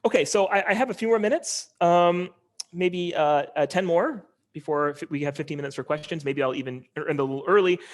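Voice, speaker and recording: A man giving an informal linguistics lecture over a video call, talking in a relaxed, conversational way with many ums and uhs. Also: on the high side, fairly quick.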